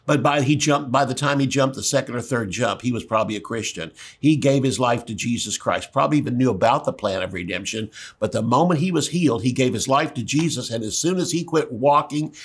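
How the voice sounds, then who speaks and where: An older man, a pastor, teaching a sermon with a husky voice and emphatic, drawn-out stresses on key words. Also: mid-range voice, animated.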